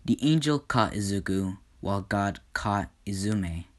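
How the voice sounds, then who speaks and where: A man narrating an improvised fan story casually, halting often with fillers and restarts. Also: on the low side, animated.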